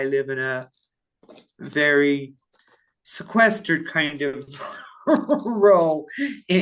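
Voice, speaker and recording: A woman's voice: extremely low pitch, a bit bright. A woman from payroll presenting in a staff webinar, reading out attendee questions and answering them with many fillers and restarts while she has the hiccups.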